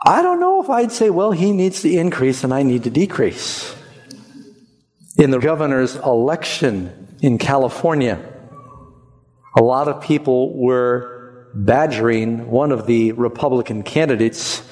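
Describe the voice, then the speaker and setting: A man preaching a sermon in an animated way, leading the congregation to repeat lines back to him. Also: medium pitch, a little slow, big-room sound.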